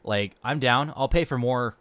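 A man's voice: medium pitch, moderate pace, fairly bright tone, clean tone, no echo. A man co-hosting a casual podcast, talking loosely with many fillers. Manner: rambling, loose, with frequent fillers. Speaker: podcast co-host. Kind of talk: casual chat.

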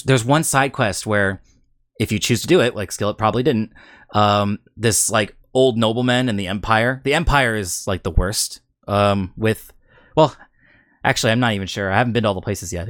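A man co-hosting a casual gaming podcast, telling a long story in a rambling, animated way. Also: fairly low pitch, moderate pace, no room sound, clean studio sound. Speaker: podcast co-host.

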